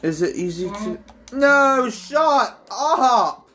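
A woman giving let's-play commentary, excitable, swinging from low mutters to shrieks and screams. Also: very slow, slight background noise. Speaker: gamer.

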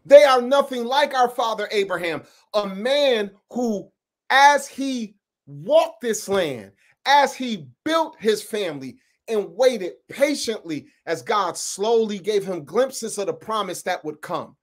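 Man, high-pitched, from upstate New York, informal preaching, emphatic, slangy. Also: slow. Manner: animated and emphatic, with street slang and asides to listeners. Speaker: Bible teacher.

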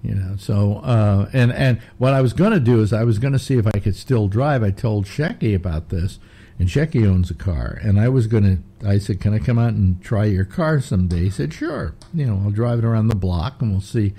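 A man's voice: fairly low pitch, fairly quick, mellow. An older man hosting a casual chat, rambling through stories with many restarts. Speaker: host.

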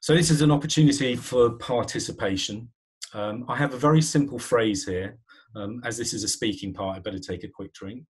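A man's voice: mid-range voice, fairly quick, breathy edge. A man giving a live webinar on presenting skills, talking conversationally with frequent fillers and restarts.

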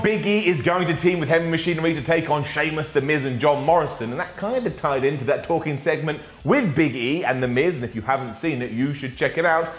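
A man's voice: a little high, roomy sound. A British man recapping a wrestling show in a sarcastic, jokey way, acting out quotes.

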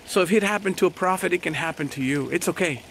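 A man's voice: high voice, quick pace, gravelly, fairly bright tone, a little hiss or hum. A man preaching a sermon as pastor, in a conversational style full of repetitions and rhetorical questions.

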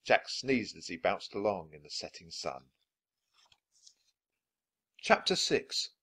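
Man with a lowish voice reading a kids book slow and clear for learners. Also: big pitch swings, bright, forceful tone. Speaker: storybook reader. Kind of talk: children's book read-aloud.

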